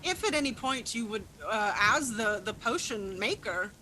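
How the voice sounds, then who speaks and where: Brief: bright-voiced woman game master, easygoing, lots of "um"s. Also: fairly high pitch, animated, normal speed, slight background noise, poor audio. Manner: laughs often, hesitant fillers. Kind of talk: narrating a tabletop game.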